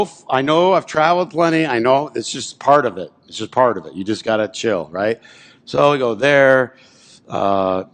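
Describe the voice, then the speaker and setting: A man preaching a sermon as pastor, telling a personal story in a conversational way and often asking the congregation whether they're with him. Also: medium pitch. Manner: conversational, repeatedly checks in with the congregation. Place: church sanctuary.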